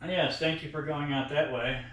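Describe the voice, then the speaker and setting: A man's voice: a little high, fairly even intonation, normal speed, fairly bright tone, slight background noise. A man in his forties filming a workout vlog in a gym, breathless between sets and talking bluntly with plenty of swearing. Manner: profane, blunt, talks between sets with sighs. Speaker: fitness vlogger. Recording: echoey gym room.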